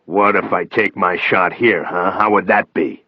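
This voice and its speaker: A man voicing a menacing male federal agent who taunts and threatens in a deep, husky voice. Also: fairly even intonation, a little slow, no room sound, lo-fi sound.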